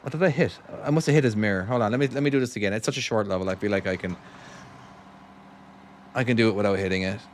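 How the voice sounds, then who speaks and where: A man with a Cork Irish accent softened by years in America, chatting casually with viewers and thanking them while he plays a trucking game on a live stream. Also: lowish voice, fast talker, pauses often, slight background noise. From Ireland.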